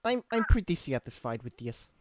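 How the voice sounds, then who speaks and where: A man's voice: mid-range voice, very animated, moderate pace. A young man casually chatting with a friend while gaming, joking and narrating his own play. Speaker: gamer playing with a friend. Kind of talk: casual gaming chat over voice call.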